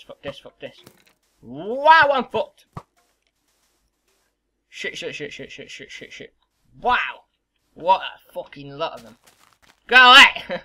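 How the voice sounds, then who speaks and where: A young man hosts a gaming video with casual, excitable commentary, cursing and yelling at the game's monsters. His voice is a little high, recorded on a desk microphone with slight background noise.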